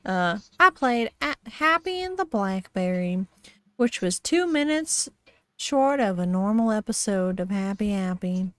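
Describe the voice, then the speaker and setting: A woman's voice: medium pitch, animated, unhurried, fairly bright tone, no room sound. A woman streamer casually reading a horror story aloud, giggly, with frequent laughs and dry asides.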